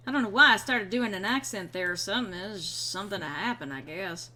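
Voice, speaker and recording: A woman's voice: mid-range voice, animated, fast talker, hardly any pauses, bright, forceful tone. A woman streaming a game, chatting casually with playful, rambling asides. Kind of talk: casual gameplay commentary.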